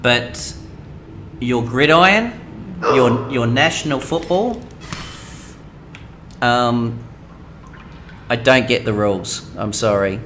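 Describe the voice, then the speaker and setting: A middle-aged Australian man hosting a game live stream, chatting casually with viewers and pausing often with ums. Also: medium pitch, animated, noisy background. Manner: hesitant, many ums, reads chat aloud.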